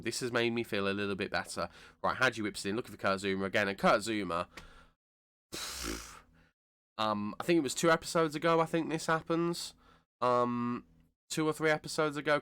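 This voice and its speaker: Unwell British man, bright chatty commentary. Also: lowish voice, smooth, no room sound. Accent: British English. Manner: chatty, rambling, self-correcting, bursts of excitement. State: unwell with a cold. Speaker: gaming channel host. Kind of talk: casual let's-play commentary.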